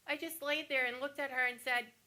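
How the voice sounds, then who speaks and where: An actress performs a wounded woman patient remembering her treatment after surgery. Her voice is bright and tense and a little high. She is teary and halting, but slips in dry humor. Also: steady tone. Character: wounded woman patient recalling cruel nurses. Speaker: stage actor playing a breast cancer patient. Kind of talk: theatrical monologue.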